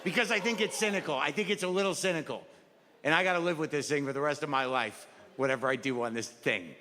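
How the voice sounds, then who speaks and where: A man's voice: on the high side, fast, background noise. A male stand-up comedian, rambling and neurotic, self-deprecating and profane, seated on a stage before a live audience. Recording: live hall recording with crowd laughter.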